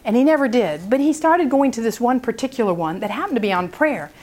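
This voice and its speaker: A woman speaking at a prayer seminar, telling a story in an animated way and acting out its people. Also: on the high side, quick pace.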